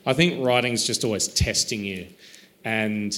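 A man's voice: lowish voice, unhurried, fairly bright tone. A man talking as an author in an interview, thoughtful and self-deprecating, rambling a little with restarts. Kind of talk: reflective conversational interview.

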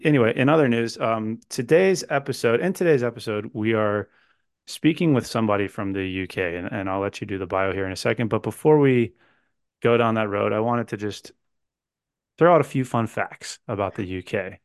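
A man's voice: mid-range voice, fairly quick, no room sound, studio quality. A man hosting a podcast, chatting casually in a joking, rambling way and playfully quizzing his co-host. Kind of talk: casual chat.

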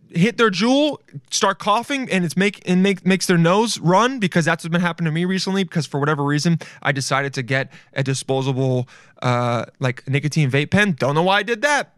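A man's voice: fairly high pitch, a little fast, a bit bright, clear, resonant tone, no echo, clean studio sound. A young man hosting a casual solo podcast, talking in a loose, emphatic way and swearing freely. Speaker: podcast host.

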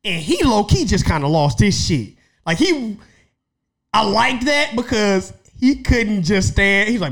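A man telling a story in casual chat, animated and laughing often as he acts out the people in it. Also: high-pitched, measured pace.

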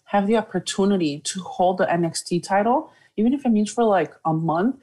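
An enthusiastic woman co-hosts a wrestling podcast in relaxed, casual chat. She gushes freely over the matches and the wrestlers. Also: medium pitch, a little fast. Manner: gushing, enthusiastic wrestling fan. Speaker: podcast co-host.

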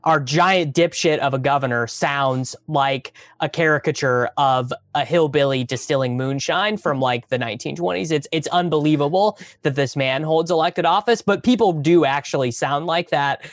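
A man's voice: fairly high pitch, moderate pace, few pauses, no room sound. A Midwestern American man from Missouri co-hosting a casual podcast, rambling and blunt and repeating words as he goes. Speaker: podcast co-host.

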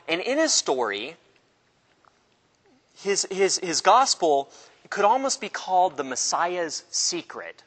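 A man leads an informal Bible study in a large hall, and the room's long echo trails after each phrase. His voice is fairly high and bright. He keeps it lively, joking with the class and acting out the people in the stories. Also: slow. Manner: animated, jokey, acts out voices of people in the story.

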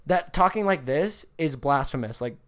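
Low-voiced woman in sarcastic comedic chat. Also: lively intonation, moderate pace. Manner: sarcastic, acts out quoted voices.

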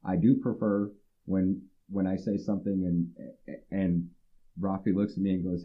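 A man's voice: sits low, moderate pace, highs cut off. A man co-hosting a podcast, speaking earnestly and reflectively, often restarting and acting out his own remarks. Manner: earnest and reflective, restarts often, quotes himself in animated asides. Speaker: podcast co-host. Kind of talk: casual podcast discussion.

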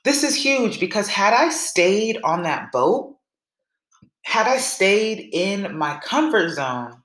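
A woman podcast host telling a personal story in a monologue, acting out her own past thoughts in a lively, rising voice. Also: mid-range voice, takes it slowly. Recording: roomy echo.

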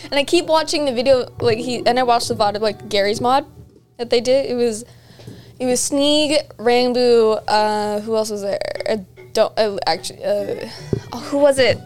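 Chatty young woman with a slightly high voice. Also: normal speed, a little mellow, soft background music. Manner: rambling, trails off and restarts. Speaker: podcast co-host. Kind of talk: casual chat.

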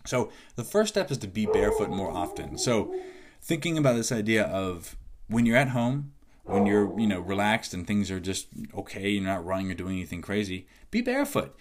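Animated, lower-voiced man coaching. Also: moderate pace. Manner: animated, exasperated, acts out quoted exchanges. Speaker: podcast host and movement coach. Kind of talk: casual monologue.

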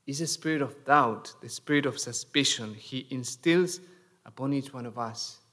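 A man, a priest, preaching a sermon in a church, deliberate and full of rhetorical questions. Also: medium pitch, fairly bright tone.

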